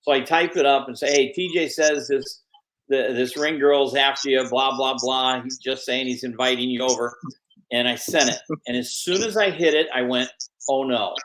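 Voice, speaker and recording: Older man, interview guest, animated anecdotes, mid-pitched voice. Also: normal speed, low-quality recording. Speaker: guest, MMA promoter and manager. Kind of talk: storytelling interview.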